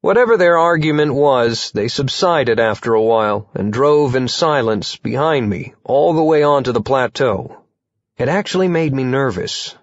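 A man's voice: mid-range voice, expressive, measured pace, no echo, muffled recording. Wry male audiobook narrator. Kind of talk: first-person audiobook narration.

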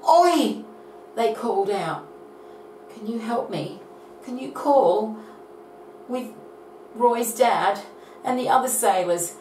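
A woman's voice: a little high, slow pace, long pauses, a little mellow, slight background noise. A woman teaching phonics to young children, telling a story and coaxing them to join in. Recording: roomy echo from a distance.

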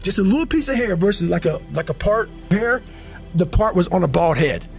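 A man with a high, gravelly voice talks with raw intensity, blunt and profane, hammering his points and stumbling into repeats when fired up. Faint music plays underneath. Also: animated, brisk. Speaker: podcast guest. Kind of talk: intense motivational storytelling.

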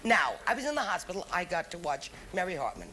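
A middle-aged woman talks fast in a lowish, sing-song voice, with a slight hiss or hum on the recording. She's a stand-up comedian doing a bawdy set straight to a live theater audience in a 1970s TV special, where the crowd laughs loudly.

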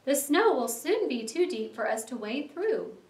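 A woman voicing a brisk, practical male water rat with a bossy, exclaiming manner, read aloud for a class. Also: high-pitched, big pitch swings, darkish tone, echoey room, recorded from a distance.

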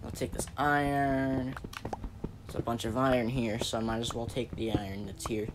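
A man's voice: mid-range voice, flat delivery, moderate pace, noisy background. Brief: male gaming host, chatty rambling commentary, pun-happy, restarts his sentences, faint keyboard clicks behind. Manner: rambling, jokey, self-interrupting. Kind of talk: gameplay commentary.

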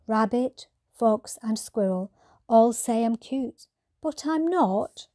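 A woman's voice: a little high, animated, slow pace, mellow, pitched above the performer's own voice. A woman voicing a small baby boy owl who protests and pouts. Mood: sulky. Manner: insistent, pouty protests.

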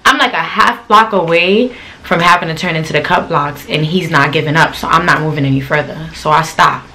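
A woman's voice: deep voice, brisk, bright, forceful tone, slight background noise. A young woman, telling a storytime vlog in a blunt, slangy, profane way. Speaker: channel host.

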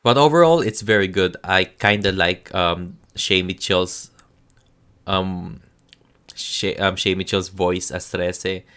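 A man's voice: sits low, slow pace, a bit bright, clear, resonant tone. A Filipino man with a Filipino accent giving a casual spoken review, hesitant and full of ums and restarts. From Philippines. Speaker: show reviewer.

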